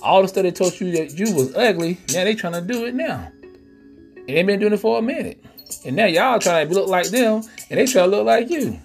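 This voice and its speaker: Man, middle-aged, podcast host, gravelly, casual preachy monologue, faint music. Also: sits high, animated, a little fast. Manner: conversational, preachy, repeats "you know what I'm saying".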